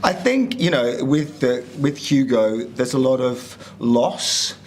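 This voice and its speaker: A man in his fifties with a northern English accent, an actor talking reflectively in an interview, pausing often with fillers. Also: mid-range voice, animated, a little mellow, slight background noise. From northern England. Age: 50s. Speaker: actor guest. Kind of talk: casual interview chat.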